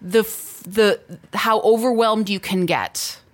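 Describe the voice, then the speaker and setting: A woman co-hosting a podcast in casual chat, teasing with deadpan jokes. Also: medium pitch, takes it slowly. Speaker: podcast co-host.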